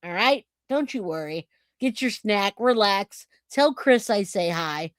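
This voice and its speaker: A man's voice: high-pitched, expressive, unhurried, fairly bright tone, no echo, clean studio sound. A man hosting a casual true-crime livestream, chatting with viewers and thanking donors by name. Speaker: livestream host.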